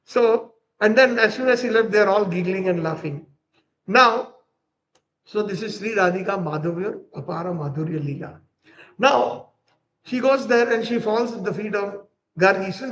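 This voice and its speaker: A man's voice: high voice, moderate pace, a bit bright, rough recording. A man giving a devotional lecture, animatedly telling a story and acting out its characters. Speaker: spiritual teacher.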